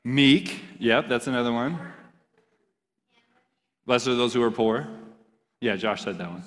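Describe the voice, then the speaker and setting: A man's voice: mid-range voice, a little slow, fairly bright tone, long reverb tail. A man giving an interactive, joking sermon to a youth group, quizzing the audience as he reads scripture. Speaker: youth pastor.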